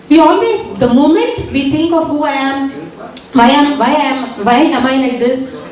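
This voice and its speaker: A woman leads a spiritual workshop and keeps questioning her listeners. Her voice is high and lively. She sounds far from the microphone in a very echoey hall. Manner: animated, questions the audience often. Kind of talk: interactive teaching session.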